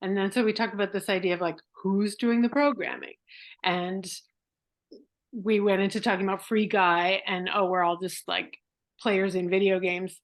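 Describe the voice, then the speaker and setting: A woman's voice: medium pitch, steady tone, normal speed. A woman hosting a casual podcast chat, rambling along with frequent fillers and restarts. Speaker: podcast host.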